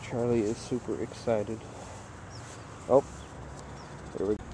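A man's voice: fairly low pitch, steady tone, takes it slowly. A young man narrating a casual outdoor vlog while walking his dog to a park. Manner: chatty, narrating a walk, calling to his dog. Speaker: vlogger. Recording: outdoor noise, open air.

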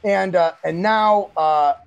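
A man's voice: high-pitched, slow, gravelly, clear, resonant tone, lo-fi sound, faint music behind. A male co-host in casual podcast banter, joking and sarcastic, often acting out lines from the film. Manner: jokey, sarcastic, acts out quotes.

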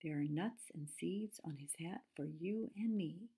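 A small, eager chickadee from a picture book, bouncing through its playful rhymes, voiced by a woman reader. The tone is dark and husky, with a gravelly grain. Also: low voice, unhurried, exaggerated voice. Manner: sing-song, playful rhymes.

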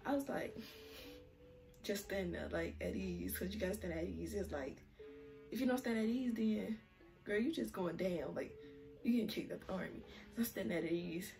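A woman's voice: mid-range voice, normal speed, creaky, darkish tone. A young woman telling a story in a casual, slangy way, laughing often. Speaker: vlogger. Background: music.

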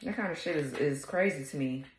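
A woman's voice: deep voice, fairly quick, reverberant, a little hiss or hum. Blunt, profane woman reading tarot. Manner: talks straight to viewers, laughing at times. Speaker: tarot reader. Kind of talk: casual tarot reading to viewers.

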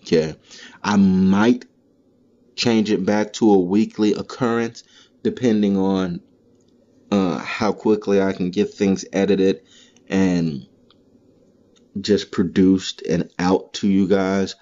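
A man's voice: sits low, fairly even intonation, takes it slowly, pauses often, mellow, highs cut off. Profane man ranting on a podcast. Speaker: podcast host. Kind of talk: comedic podcast monologue. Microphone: solo podcast mic.

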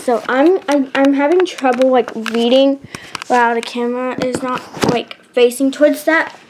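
A woman reading a chapter book aloud, halting and often restarting words. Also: high-pitched, a little mellow, slight background noise. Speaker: storybook reader.

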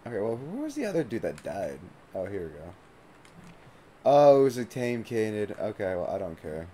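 Male game streamer, low and warm-toned, chatty and profane, light hiss underneath. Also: huge pitch swings, moderate pace. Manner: loose and chatty, swears freely, leans on "like". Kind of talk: casual live gameplay commentary.

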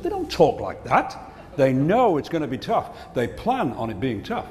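With huge swings in pitch around a mid-range voice, this man tells jokes and delivers punchlines in a comic business keynote. He talks at normal speed with a slightly mellow tone. The conference hall is reverberant with faint ambience and a touch of hiss or hum.

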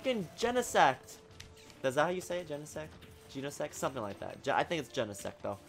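Excitable man yelling over gameplay. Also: fairly high pitch, quick pace, creaky, faint music behind. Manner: excitable, talks at the game, swings from mutters to shouts. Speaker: gaming channel host. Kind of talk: live gameplay commentary.

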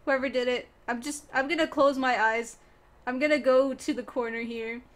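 A woman's voice: sits high, steady tone, moderate pace, fairly bright tone. A young woman streaming a game, chatting playfully with teammates and chat and often breaking into giggles. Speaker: gaming streamer. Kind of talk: casual gameplay commentary.

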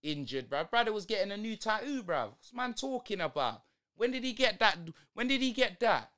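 A young man with a high, sing-song, sharp-toned voice speaks at normal speed. He rants in exasperated slang at the match during a live football watch-along stream.

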